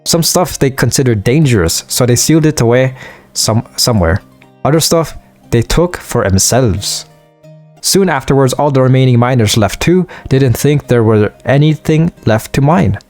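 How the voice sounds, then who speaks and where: A man putting on a rough Scottish accent to voice a jovial, hearty dwarf miner from a fantasy game. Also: medium pitch, expressive, moderate pace, a little mellow, faint music behind, lightly acted. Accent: put-on Scottish. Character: gruff middle-aged male dwarf miner, jovial.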